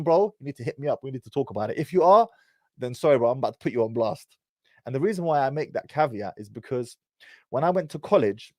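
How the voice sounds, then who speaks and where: A man's voice: on the high side, a little mellow, dry recording. A man in his thirties with an English accent, telling a personal story in a casual, teasing, slang-heavy way. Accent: British, English. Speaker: vlogger.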